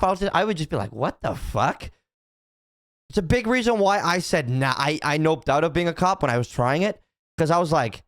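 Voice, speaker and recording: A man's voice: high voice, no room sound, clean studio sound. A young man streaming, chatting casually to his chat, rambling and swearing, with lots of restarts and repeated "right?".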